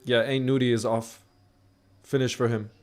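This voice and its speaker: A man's voice: medium pitch, flat delivery, normal speed. Chatty man streaming a football watchalong. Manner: casual, chatty, rambling with frequent restarts. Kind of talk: live match watchalong, chatting with viewers.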